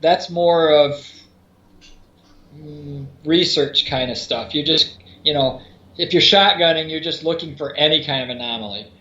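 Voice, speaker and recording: A man's voice: on the high side, unhurried, pushed and bright. A man co-hosting a podcast, explaining at length in a rambling way with many restarts. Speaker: podcast co-host. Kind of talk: casual explanatory podcast talk. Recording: echoey, dull lo-fi remote audio.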